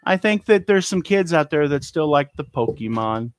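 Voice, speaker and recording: A man's voice: a little high, expressive, moderate pace, slight background noise. A man chatting casually as an online reseller, rambling through his haul and trailing off with ums. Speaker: eBay reseller showing a haul. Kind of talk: casual live haul chat. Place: cluttered storage room indoors.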